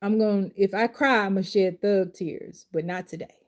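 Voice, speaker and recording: A woman's voice: mid-range voice, fairly even intonation, moderate pace. Heartfelt woman giving a tarot reading. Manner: heartfelt, casual slangy talk. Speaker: tarot reader and life coach.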